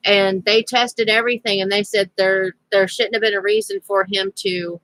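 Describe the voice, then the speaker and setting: A woman's voice: medium pitch, fairly even intonation, moderate pace, fairly bright tone, no room sound, poor audio. A woman vlogger telling a rambling personal story in a casual, chatty way, laughing now and then. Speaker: crafting vlogger.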